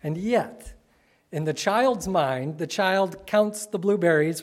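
A man delivers a sermon to a congregation in a church. He tells stories in an easy, conversational way, then slows right down to stress his key words. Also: high voice, animated. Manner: conversational, playful storytelling with sudden slow emphatic phrases. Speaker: pastor.

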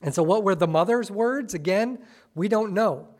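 A male pastor with a high voice preaches a dramatic sermon at normal speed, packing it with rhetorical questions and swinging between soft and loud.

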